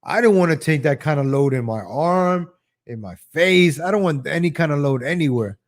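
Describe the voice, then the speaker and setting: A man's voice: fairly high pitch, animated, moderate pace. Ranting sarcastic male show host. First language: Spanish. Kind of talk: opinion commentary show.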